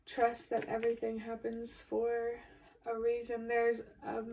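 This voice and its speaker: A woman's voice: fairly high pitch, completely flat delivery, a little slow, dark tone, slight background noise. A woman giving a casual spoken tarot reading, musing her way through intuitive, meandering commentary. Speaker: tarot reader. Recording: voice a bit distant from the mic.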